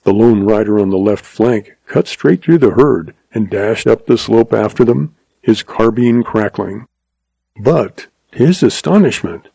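A man reads a western novel aloud in a steady, dramatic way. His voice is gravelly and husky with a dark, mellow tone. The recording is dry and close. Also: fairly low pitch, no room sound, low-quality recording. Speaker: narrator. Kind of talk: audiobook narration of a western.

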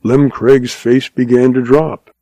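A man reads a western story aloud in steady, measured narration. His voice is gravelly with a touch of fry, and the recording is dry and close. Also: medium pitch, no room sound. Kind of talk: audiobook story reading.

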